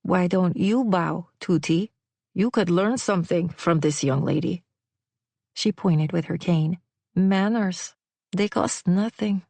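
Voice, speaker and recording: A woman's voice: fairly low pitch, slow pace, gravelly, a little mellow, dry recording, heavily acted. A woman voicing an elderly, proper grandmother with a heavy Spanish accent, scolding in an old-fashioned way. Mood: chiding.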